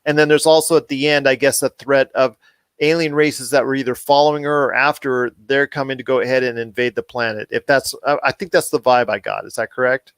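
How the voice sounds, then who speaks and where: A man chatting casually on a pop culture podcast, at a middle pitch, with a dry, close sound. He rambles and restarts his sentences, and his voice climbs when he gets puzzled. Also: fairly even intonation, fairly quick, fairly bright tone, smooth, no room sound. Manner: rambling, self-correcting, gets heated and higher when puzzled. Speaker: podcast co-host.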